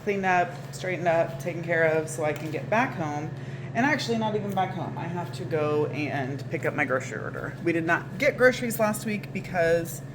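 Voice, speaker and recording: A chatty woman with a Southern US accent rambles to the camera in her vlog, her voice sitting a little low. The phone audio is noisy, with clear hiss and rumble around her. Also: moderate pace. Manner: rambling, chatty, with small laughs. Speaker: vlogger. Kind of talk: casual chat to camera.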